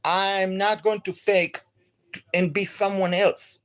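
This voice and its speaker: A woman with an accent, an energetic and enthusiastic gaming streamer chatting live to viewers. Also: mid-range voice, takes it slowly. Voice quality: non-native accent.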